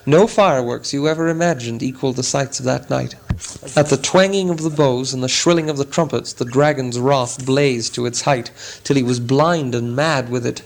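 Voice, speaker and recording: A man reading a storybook chapter aloud as a narrator, in a measured, dramatic way. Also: medium pitch, vocal fry, rough recording. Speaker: audiobook narrator. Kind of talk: scripted narration.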